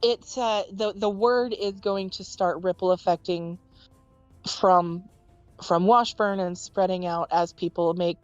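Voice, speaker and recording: A woman narrating as game master of a tabletop game, explaining calmly with frequent pauses and ums. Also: lowish voice, clean tone, no echo, lo-fi sound, soft background music.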